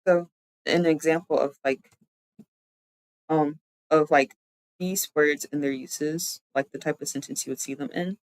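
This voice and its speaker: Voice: mid-range voice, fairly even intonation, a little slow, no room sound, rough recording. A streamer giving a casual live-stream lesson, explaining loosely with lots of "like" and thinking aloud. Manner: chatty, loose explanations full of "like"; self-correcting, thinking aloud. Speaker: streamer teaching language.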